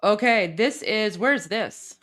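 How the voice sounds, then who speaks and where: A woman hosting a casual commentary show, reacting to clips with excited exclamations and talking straight to her viewers. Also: medium pitch, takes it slowly. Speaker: political commentary host.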